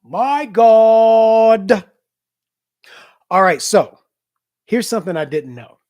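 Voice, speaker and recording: A man chatting casually after a live book reading, excitable and slangy, breaking into animated bursts. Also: on the high side, normal speed, dry recording, muffled recording. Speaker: live-stream book reader.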